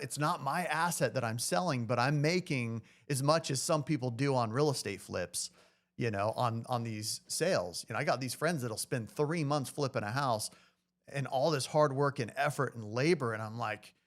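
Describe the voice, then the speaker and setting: A man, a real estate agent, telling a story in an animated, chatty way as a podcast guest. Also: medium pitch, normal speed. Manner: animated, chatty, says "dude" and "you know". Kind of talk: casual storytelling.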